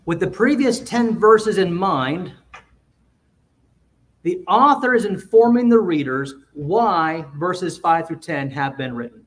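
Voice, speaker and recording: Recorded from a distant mic in a church sanctuary, a male pastor with a high, expressive voice preaches slowly. His expository sermon explains the text, and he often restarts phrases and poses questions to the congregation.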